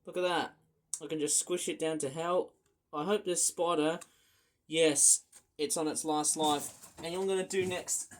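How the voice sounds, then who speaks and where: Man, high-pitched voice, excitable, rambling, casual vlog talk. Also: measured pace. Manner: excitable, rambling, with many fillers. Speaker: vlogger.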